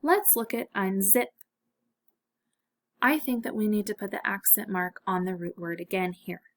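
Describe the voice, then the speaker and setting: A woman teaching a phonics lesson to children, speaking clearly and encouragingly. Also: medium pitch, normal speed.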